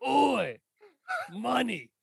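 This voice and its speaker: A man doing a put-on British voice as a gruff man barking demands for money, pitched well above his own voice. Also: big pitch swings, very slow, slight background noise, heavily acted. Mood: demanding. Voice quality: mock British accent, higher pitch.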